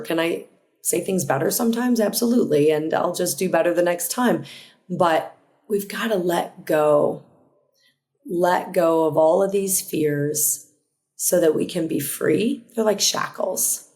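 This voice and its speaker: A woman hosting a solo motivational podcast, talking earnestly and reflectively, often restarting a phrase or adding a quick aside. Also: fairly low pitch, a little mellow. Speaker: podcast host.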